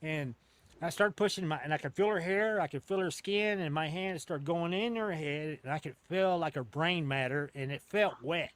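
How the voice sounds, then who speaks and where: A man's voice sitting a little higher than most men's. He is an interview guest telling a long story in a loose, conversational way. He often backtracks and restarts, and drops casual swear words as he goes. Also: moderate pace, a bit bright, no echo. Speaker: interview guest recounting an encounter.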